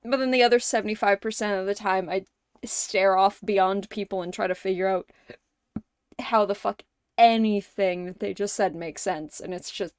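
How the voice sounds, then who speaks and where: A young woman streaming a game, chatting casually and telling animated stories, often laughing and acting out what people said. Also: medium pitch, normal speed, no echo, studio quality. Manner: animated storyteller, acts out quoted lines, laughs often. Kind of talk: casual livestream chat while gaming.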